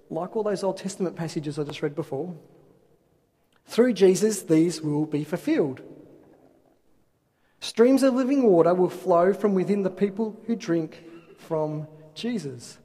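Guy preaching a sermon, high voice, kinda husky, big hall echo. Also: expressive, unhurried, pauses often, warm tone. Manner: expository, rhetorical questions, reads scripture aloud. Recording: long hall reverb.

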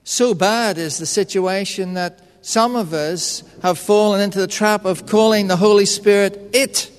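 A man's voice: high voice, fairly even intonation, measured pace, smooth. A man preaching a sermon in an earnest, personal storytelling manner. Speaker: pastor. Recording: echoey hall reverb.

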